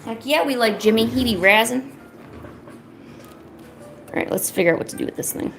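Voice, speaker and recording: With soft music in the background, a woman chats casually while painting at home, teasing her cats and slipping into baby talk with them. This art streamer has a fairly high voice with vocal fry and speaks at a moderate pace, relaxed and chatty.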